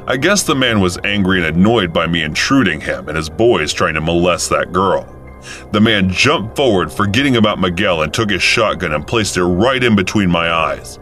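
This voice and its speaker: A man with a very deep voice tells a first-person story, calm and matter-of-fact, his pitch moving a lot from line to line. Faint music plays under him, as in an animated story video. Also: moderate pace. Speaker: story narrator.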